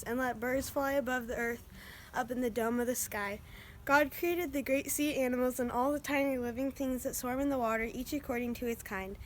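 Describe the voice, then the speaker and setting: A woman's voice: high-pitched, a little hiss or hum. A woman reading passages of scripture aloud at a church service. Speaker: scripture reader.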